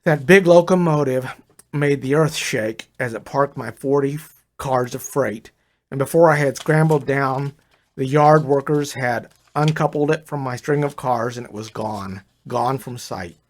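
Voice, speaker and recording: An older man reads his own first-person story aloud at a middling pitch. He sounds confiding and speaks directly to the listener, calling him "brother". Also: unhurried.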